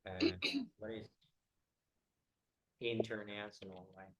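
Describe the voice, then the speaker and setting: A man teaching a one-on-one English pronunciation lesson, explaining haltingly with many fillers. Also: fairly low pitch, steady tone, a bit bright, poor audio.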